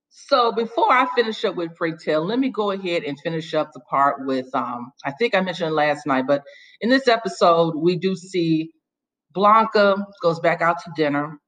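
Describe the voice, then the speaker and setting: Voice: medium pitch, highs cut off. A podcast host recapping a TV episode in casual chat, telling it like gossip with sassy asides and acted-out quotes. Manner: animated storytelling, acts out quotes, sassy asides.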